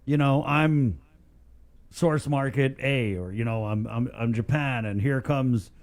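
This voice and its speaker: A man hosting a talk show, joking and animated as he chats with his guest. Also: mid-range voice, a little slow. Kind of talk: casual talk-show chat.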